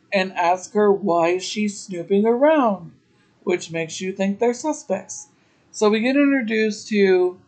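Woman podcaster rambling thru a recap, slow and easygoing, laughs a lot. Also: mid-range voice, darkish tone, poor audio. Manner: chatty, laughing asides, slow drawn-out delivery. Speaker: podcast host. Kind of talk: casual episode recap.

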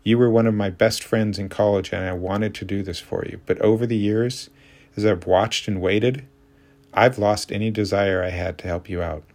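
A weary, blunt woman in her thirties, voiced by a man reading an audiobook pushes her words out with exasperated force. The voice stays deep and a little raised. It is steady storybook reading rather than full character acting. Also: moderate pace, close to an everyday voice. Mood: fed up.

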